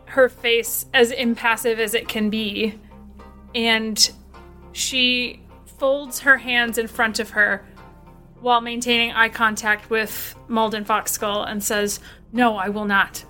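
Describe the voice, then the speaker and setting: A woman's voice: fairly high pitch, little pitch movement, takes it slowly, sharp tone, faint music behind. A woman describing her character as a player in a tabletop game, with hesitant fillers.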